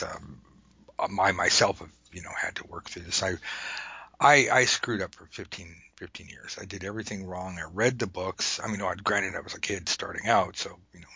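A man hosting a tarot lesson in casual chat, animated and irreverent, swearing and slipping into whispered asides. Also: fairly low pitch, breathy edge, no echo. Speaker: tarot teacher and podcast host. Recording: dull lo-fi recording.

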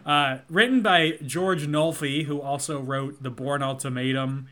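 A man's voice: mid-range voice, steady tone, a little slow, pushed and bright. A man co-hosting a casual podcast, reading out film facts and cast lists with playful asides. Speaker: podcast co-host. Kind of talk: casual chat.

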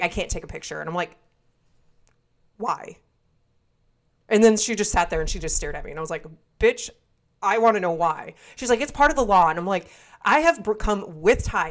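A fairly low-pitched woman in her twenties tells a story with blunt, profane energy. She acts out both sides of the exchange as she goes, in a relaxed podcast style. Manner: blunt, heavy swearing, acts out quoted dialogue. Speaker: podcast co-host. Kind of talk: casual storytelling.

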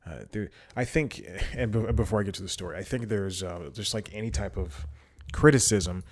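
Man, podcast host, very low voice, rambling, breathless, self-correcting. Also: moderate pace. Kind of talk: casual solo podcast chat.

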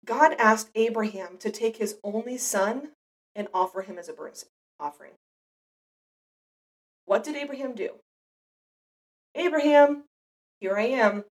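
A woman's voice: a little high, lively intonation, measured pace, pauses often, far from the mic, rough recording. A mother giving an earnest, reflective devotional Bible teaching, speaking directly to the listener.

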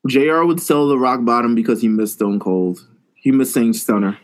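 A man's voice: medium pitch, moderate pace. A man co-hosting a podcast in casual live-watch chat, laid-back, often starting his lines with "listen". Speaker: podcast co-host.

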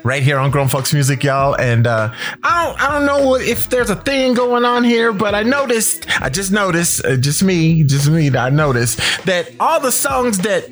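Animated, high-pitched male radio DJ. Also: moderate pace, faint music behind. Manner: rambling, joking, repeats himself. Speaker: radio DJ host. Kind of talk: casual radio chat between songs.

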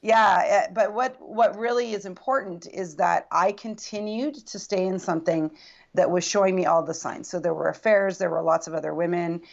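Gravelly-voiced woman telling her story. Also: fairly low pitch, normal speed, dull audio. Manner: earnest, reflective storytelling. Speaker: podcast guest. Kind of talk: personal story in casual conversation.

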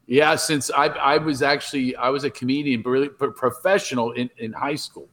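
A middle-aged comedian talking on a podcast interview by remote call, rambling and animated, with many restarts. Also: male voice, medium pitch, normal speed. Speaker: comedian guest.

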